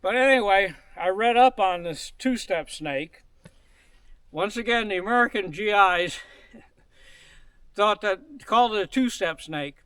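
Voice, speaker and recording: A man's voice: sits high, expressive, unhurried, pauses often, a bit bright, smooth, no room sound. An older man on a forest hike, talking casually and telling a story with dry humor, recorded outdoors on a camera mic. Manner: dry storytelling, chuckles at his own jokes. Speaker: hiking guide.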